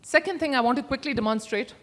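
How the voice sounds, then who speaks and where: A middle-aged woman, giving an interactive workshop talk at a conference, emphatic and expressive, using her voice to demonstrate. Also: high voice, fast talker. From India. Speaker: conference speaker. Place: large conference hall. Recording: long hall reverb.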